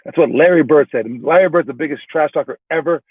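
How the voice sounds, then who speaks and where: A man's voice: fairly high pitch, quick pace, breathy edge, no room sound. Man talking hoops over a tinny line. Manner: loose, talky, frequent restarts and "all right". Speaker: basketball trainer. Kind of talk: casual explaining and ranking. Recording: tinny phone-like dry sound.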